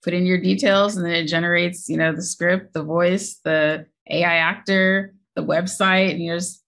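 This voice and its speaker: Chatty laughing woman, low voice. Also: fairly even intonation, moderate pace, creaky, a bit bright. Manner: chatty, laughs often, self-correcting. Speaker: podcast co-host. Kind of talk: casual tech chat.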